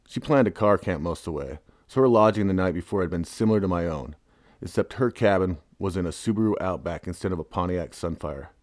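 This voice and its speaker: A man's voice: low voice, fairly quick, a little mellow, no room sound, clean studio sound. A man reading his own memoir aloud in a wry, casual storytelling manner. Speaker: narrator.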